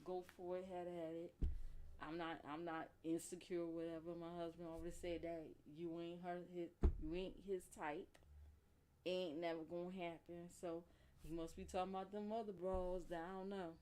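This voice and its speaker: A woman's voice: on the low side, little pitch movement, normal speed, dark tone, slight background noise. A woman live streaming, chatting casually and rambling straight to her viewers.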